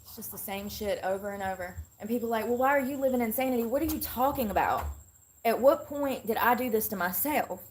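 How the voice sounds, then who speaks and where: A woman's voice: mid-range voice, animated, fairly quick, slight background noise. A woman live-streaming an aggrieved, rambling rant into her phone. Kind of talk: ranting vlog monologue. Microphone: phone held for self-filming.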